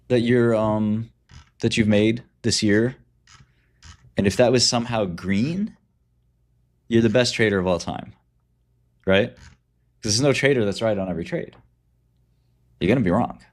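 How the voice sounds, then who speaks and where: Low-pitched guy streaming, blunt and offhand, trading talk. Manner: blunt, offhand, advice-giving. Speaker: livestream host and trader. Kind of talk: casual livestream chat.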